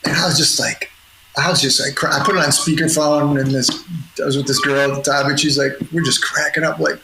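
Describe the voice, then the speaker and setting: A man's voice: on the high side, steady tone, a little fast. Guest producer, middle-aged man, loose talker, lots of restarts; roomy recording with background noise. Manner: rambling, laughing, many restarts and quoted voices. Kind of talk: casual storytelling in a podcast interview. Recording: roomy sound with noticeable noise.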